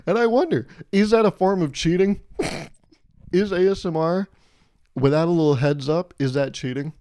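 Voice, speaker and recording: A man in his twenties hosts a solo podcast, rambling, joking and swearing casually into a podcast microphone. His voice sits on the high side with a darkish tone, and he talks at a moderate pace.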